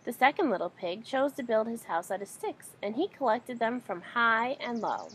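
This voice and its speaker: A woman reading a children's story aloud in an animated, expressive way. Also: a little high, moderate pace, slight background noise, low-quality recording. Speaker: storybook reader.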